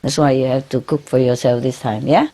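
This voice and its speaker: Low-voiced woman giving a chatty spiritual talk. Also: steady tone, brisk, mellow. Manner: chatty, laughs often, ends phrases with "yeah?"; non-native English grammar, frequent fillers and restarts. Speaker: spiritual teacher. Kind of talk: informal spiritual talk to followers.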